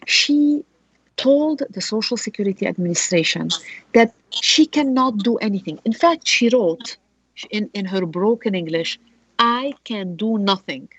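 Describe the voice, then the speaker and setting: A woman lawyer speaking as a guest on a radio law show, telling a client's story with animated rhetorical questions. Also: medium pitch, unhurried, slightly rough, no echo, muffled recording.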